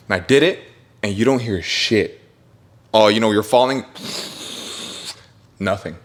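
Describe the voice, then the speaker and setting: A young man hosting a podcast, telling an excited story in casual chat, swearing and laughing often. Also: on the low side, moderate pace, long pauses. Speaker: podcast host.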